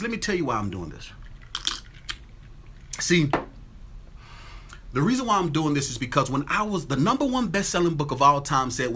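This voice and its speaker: A man's voice: on the high side, big pitch swings, normal speed, long pauses, a bit bright, slight background noise. A man from Atlanta, hosting a casual livestream from his home on a phone, greeting viewers by name and repeating his catchphrases. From Atlanta, Georgia. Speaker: livestream host. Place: home with windows open.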